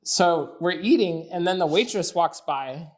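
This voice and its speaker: A man's voice: fairly high pitch, expressive, measured pace. A man co-hosting a podcast, telling dating stories in casual chat. He swears and laughs through his own stories. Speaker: podcast co-host.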